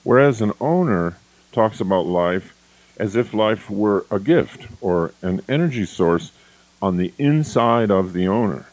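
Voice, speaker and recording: A man's voice: on the low side, animated, a little slow, darkish tone, no echo, low-quality recording. A man giving a motivational lecture, acting out quoted phrases in contrasting tones. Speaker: motivational speaker.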